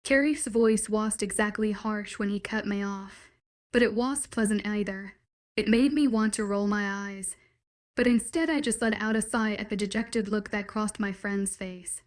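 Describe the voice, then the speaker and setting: A woman narrating a first-person romance story in a steady storytelling read. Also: medium pitch, normal speed.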